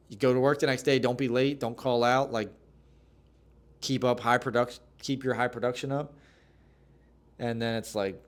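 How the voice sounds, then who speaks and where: A young man talking through a solo podcast episode, loose and rambling. He leans on "like" and restarts constantly, swearing now and then in a candid, unfiltered way. His voice sits at an ordinary middle pitch for a man. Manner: rambling, frequent "like" fillers, candid and profane. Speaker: podcast host. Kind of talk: casual solo podcast monologue.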